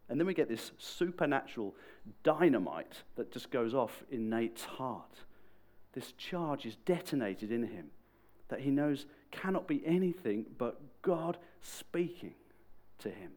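A man's voice: medium pitch, normal speed. Conversational male preacher. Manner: conversational and lively, with sudden bursts of emphasis. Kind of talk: sermon.

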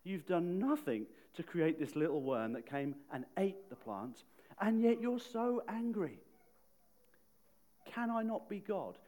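A man voicing God, gently questioning a sulking prophet. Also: sits high, sing-song, measured pace, voice pushed up. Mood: gentle.

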